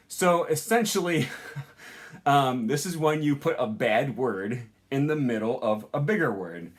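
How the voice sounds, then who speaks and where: A young man teaching a casual language lesson, chatty and informal, with many ums and uhs. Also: mid-range voice. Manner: chatty, lots of ums and uhs, laughs at own examples.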